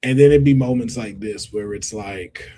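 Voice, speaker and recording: A man hosting a wrestling podcast, talking in an animated, emphatic, slangy way in casual chat. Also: on the low side, moderate pace. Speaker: podcast host.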